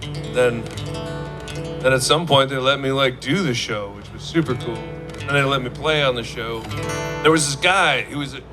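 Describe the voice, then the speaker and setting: A man's voice: mid-range voice, normal speed. A man, a singer-songwriter, rambling through a story with lots of fillers between songs on a festival stage. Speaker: singer-songwriter performing live. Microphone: stage vocal mic. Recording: live band music behind.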